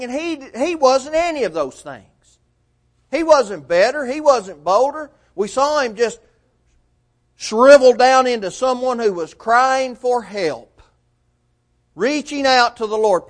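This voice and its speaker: A man's voice: sits high, expressive, a little slow. A man preaching a sermon in a church, telling a Bible story and quoting its figures with rising emphasis.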